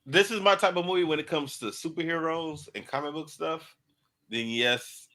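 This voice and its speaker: A man's voice: on the high side, moderate pace, sharp tone. A man hosting a casual podcast who stammers and repeats words as he starts a point. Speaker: podcast host running the board. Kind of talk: casual chat.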